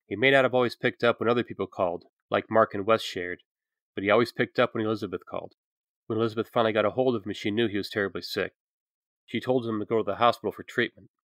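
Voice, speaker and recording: Quick, earnest male documentary narrator. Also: fairly low pitch, fairly bright tone, dry recording, studio quality. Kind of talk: scripted narration.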